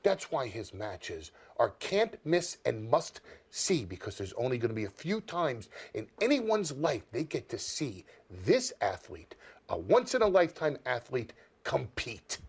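A man with a gravelly, husky voice cuts a wrestling promo in a theatrical way. His pitch leaps from high to low as he stretches words. He drops into a hoarse whisper for emphasis. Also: very animated, measured pace. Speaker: wrestler's advocate.

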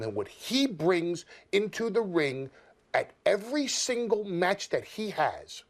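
A man with a gravelly, husky voice cuts a wrestling promo in a theatrical way. His pitch leaps from high to low as he stretches words. He drops into a hoarse whisper for emphasis. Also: big pitch swings, moderate pace. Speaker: wrestler's advocate.

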